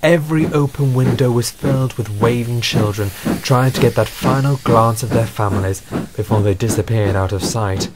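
A man narrating a scripted storybook in a steady, earnest way. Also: medium pitch, moderate pace, few pauses, heavy background noise.

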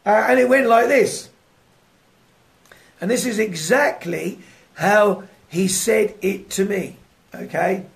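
A man preaching a devotional sermon in a lively way, often laughing and putting rhetorical questions to his listeners. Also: high-pitched, slow pace, vocal fry, pauses often.

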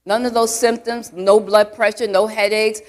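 A woman's voice: mid-range voice, steady tone, normal speed. A woman church elder giving a conversational sermon to a live congregation in a church, peppering her talk with asides and questions to the crowd. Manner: chatty, full of "you know" asides, quizzes the congregation.

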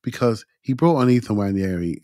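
A man's voice: fairly low pitch, lively intonation, brisk, dark tone, dry recording, studio quality. A middle-aged man, talking football bluntly and emphatically on a podcast. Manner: blunt and emphatic, says mate. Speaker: podcast pundit. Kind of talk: casual football chat.

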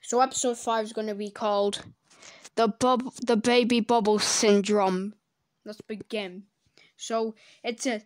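A woman doing comedic reaction commentary, sarcastic and swearing, breaking into loud silly voices. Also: mid-range voice, steady tone, measured pace. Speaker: commentator reacting to fan drawings.

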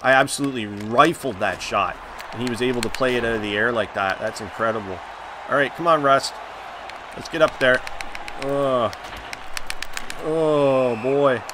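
A man commenting live on the hockey video game he is playing, reacting loudly to each play and groaning at his mistakes. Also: mid-range voice, normal speed, pauses often, crowd noise, background noise. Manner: excitable, reacts loudly, groans and laughs at plays. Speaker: gaming channel host.

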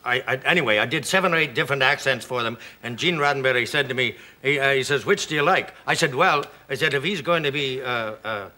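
A man's voice: medium pitch, quick pace, few pauses, sharp tone. A Canadian man in his sixties with an Aberdeen Scottish accent, chatting good-humouredly as a talk show guest in a studio, rambling with many hesitant fillers. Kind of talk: casual chat show interview. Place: television studio with audience.

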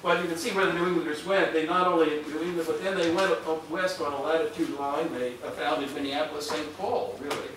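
A man's voice: on the high side, fairly even intonation, a bit bright. Older man lecturing in an echoey hall. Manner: halting, many fillers and restarts, chuckles. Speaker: historian giving a public talk. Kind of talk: public lecture with audience questions. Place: hall with an audience. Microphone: far room microphone. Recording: echoey hall, distant mic, noisy.

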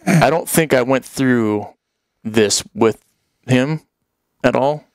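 A man's voice: medium pitch, takes it slowly, clear, resonant tone, no echo. A man in easy, loose conversation, rambling through a story and breaking into laughter as he acts out the voices of his friends. His voice sits in an ordinary middle register, and the recording is dry and close, with no room sound. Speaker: podcast guest telling hunting stories. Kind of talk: casual storytelling chat.

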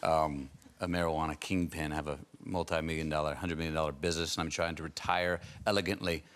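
An American man, a guest actor on a chat show, talking in a slow drawl. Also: a bass voice, flat delivery, a bit bright.

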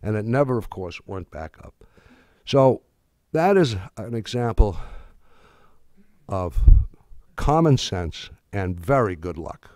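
An older man giving a speech, telling wry stories in a halting way with many restarts and fillers. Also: on the low side, very animated, a little mellow, dry recording, clean studio sound. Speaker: speaker. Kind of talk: anecdotal speech.

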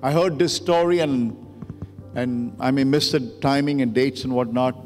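In a church sanctuary, a male pastor with a mid-range, fairly even, slightly mellow voice tells a story at normal speed during his sermon. It grows emotional and builds to urgent preaching, with long hall reverb and music underneath.

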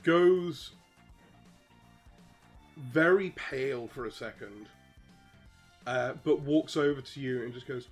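A relaxed man runs a tabletop game, narrating the scene loosely with plenty of ums and uhs. His voice sits at a middle pitch, and faint music plays in the background. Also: slow, long pauses. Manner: relaxed, filler-heavy narration. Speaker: game master.

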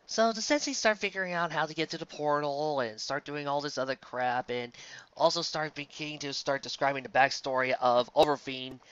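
A bright, forceful voice reads a fanfic aloud and keeps breaking off into sarcastic, exasperated rants. The recording sounds a little dull and lo-fi, and the room is dry and close. The reader is from the Southern United States. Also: mid-range voice, no echo. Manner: sarcastic, exasperated, jumps between reading and ranting. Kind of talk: comedic reading with sarcastic asides.

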